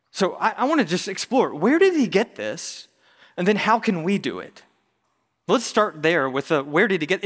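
Conversational preacher man, higher voice. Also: big-room sound. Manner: conversational, animated preaching with humor. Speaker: pastor. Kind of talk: sermon.

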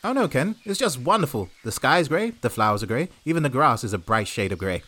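A man's voice: mid-range voice, very animated, fast, pushed and bright. A man voicing an overly cheery retro field reporter in a comedy news sketch, with a jaunty 1950s radio-presenter delivery. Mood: chirpy.

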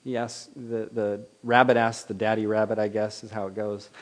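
A man preaching a sermon in a lively manner, swinging between loud declarations and soft, quiet asides, then leading a prayer. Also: lowish voice, normal speed. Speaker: pastor.

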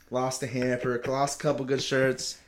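A young man tells a story in a loose, rambling way, swearing freely and breaking into laughter. His voice sits at an ordinary pitch, and the talk is casual. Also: completely flat delivery, unhurried, slight background noise.

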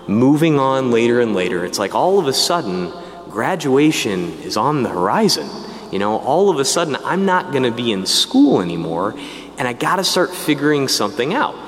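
Animated man in a reverberant hall. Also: mid-range voice, moderate pace. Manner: animated storytelling with casual asides. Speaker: priest telling his vocation story. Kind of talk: personal testimony talk.

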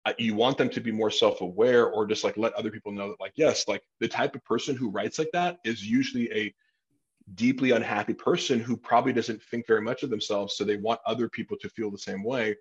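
Husky low-voiced man, rambling podcast talk. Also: a little fast, muffled recording. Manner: rambling, many fillers, profane. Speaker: podcast host. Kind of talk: casual podcast conversation.

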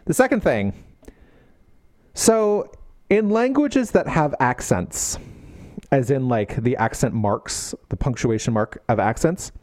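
A man in casual podcast chat, ranting with lively energy and frequent laughs. His pitch swings widely from low grumbles to high bursts. The sound is dry and close. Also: slow pace, no room sound. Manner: animated, ranting, laughs often. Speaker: podcast co-host.

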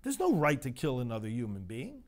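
A man's voice: mid-range voice, wildly swooping pitch, a little fast, darkish tone. A man, a priest, preaching an impassioned sermon that builds to emphatic outbursts.

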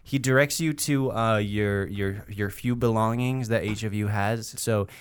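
A man's voice: on the low side, fairly even intonation, measured pace, clean tone. A man narrating as game master of a tabletop game, loose and full of fillers, with crude jokes.

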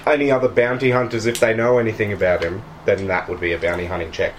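A man's voice: fairly low pitch, flat delivery, quick pace, a little hiss or hum. A man explaining rules as game master of a tabletop game.

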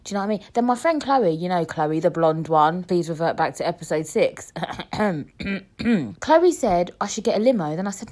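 A woman's voice: lowish voice, lively intonation, moderate pace, a little mellow. A woman, hosting a casual podcast, chatty and cheeky, swearing and mimicking other people's voices. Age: 20s. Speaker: podcast host. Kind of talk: casual chat.

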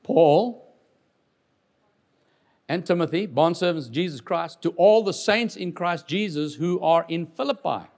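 Lively preaching man, fairly high voice. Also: unhurried, pauses often. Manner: animated, jokes with congregation, swings from loud to quiet. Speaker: pastor. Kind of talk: lively sermon.

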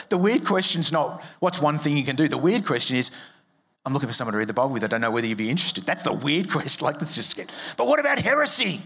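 A man's voice: medium pitch, animated, fast talker, a bit bright, breathy edge. A man preaching a sermon as a pastor, conversational and joking, acting out quoted voices. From Australia.

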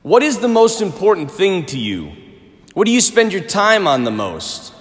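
A man giving a Catholic homily, with a high, lively voice that rises and falls as he tells stories and jokes. His voice carries the long reverb of a large church. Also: moderate pace. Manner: animated, conversational preaching with humor. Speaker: Catholic priest.

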